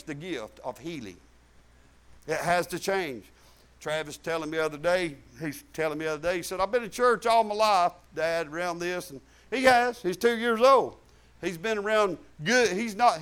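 A man's voice: high voice, a bit bright. A middle-aged man preaching a sermon in a folksy, emphatic way, repeating phrases for stress.

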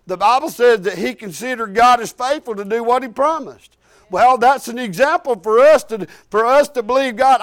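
High-voiced man preaching a folksy sermon. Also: a bit bright. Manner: folksy, emphatic preaching with frequent restarts. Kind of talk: sermon with personal testimony.

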